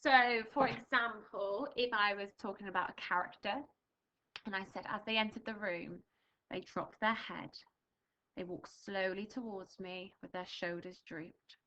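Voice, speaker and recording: A woman's voice: medium pitch, steady tone, a little slow, pushed and bright, highs cut off. A young English woman teaching a primary school reading lesson, patiently explaining words and reading a storybook aloud with expression. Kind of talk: recorded remote reading lesson.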